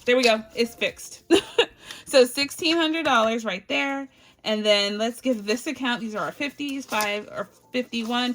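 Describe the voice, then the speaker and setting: A chatty, excitable woman from Barbados hosting a casual budgeting vlog at home, laughing often and counting bills aloud. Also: mid-range voice. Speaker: budgeting channel host. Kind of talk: casual cash-stuffing vlog.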